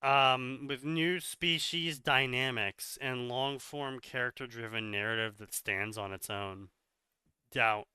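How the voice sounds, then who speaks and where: On a comedy stream, a co-host with a medium-pitched, sharp yet smooth voice takes his time reading out some fanfiction. He peppers it with frequent swearing and sarcastic jabs at the text, and the recording is dry.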